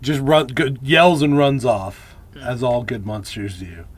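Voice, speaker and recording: A man's voice: mid-range voice, steady tone, a little slow. A man co-hosting a podcast, recapping a movie with dry wisecracks. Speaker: podcast co-host. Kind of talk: casual movie recap chat.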